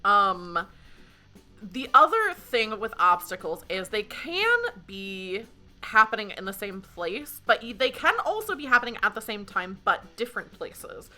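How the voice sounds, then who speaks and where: A woman's voice: medium pitch, big pitch swings, unhurried, sharp tone, faint music behind. A woman casually explaining tabletop game rules to fellow players, rambling and laughing often. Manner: rambling with fillers, frequent laughter. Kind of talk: casual tabletop play chat.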